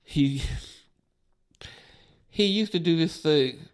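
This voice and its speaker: A man's voice: a little high, slow, smooth. A man, a stand-up comedian, telling a profane road story in casual chat, laughing and acting out the people in it. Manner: acts out drunk friend in quoted voices.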